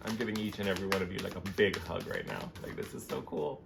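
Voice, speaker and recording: A man doing a casual tarot reading to camera, gushing and excitable about each card. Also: low voice, fast, gravelly, few pauses. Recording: noisy background hiss.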